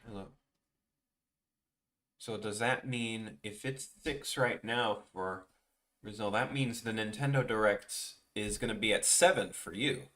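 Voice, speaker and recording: Chicago guy streaming while he draws, bright voice, talks in loops and restarts himself a lot. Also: fairly low pitch, unhurried. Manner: rambling, many restarts, chatting with viewers. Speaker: art streamer. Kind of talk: casual livestream chat.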